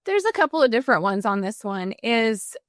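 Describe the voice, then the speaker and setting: Woman trainer guest on a podcast; bright-pitched, upbeat coaching delivery, dry recording. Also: a little fast, no room sound. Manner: animated, peppered with "like" and "right?". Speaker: customer service trainer. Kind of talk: podcast interview.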